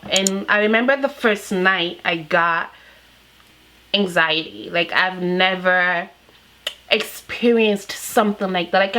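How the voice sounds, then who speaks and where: A Nigerian woman in her twenties talks candidly and emotionally in a personal vlog, leaning on frequent fillers. Her voice is mid-range and a bit bright, and the recording is rough.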